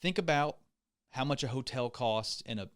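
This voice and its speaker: A man's voice: medium pitch, normal speed, no room sound, clean studio sound. A man hosting his own podcast in a rambling, comedic monologue, goofy and self-deprecating, often restarting his sentences. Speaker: podcast host.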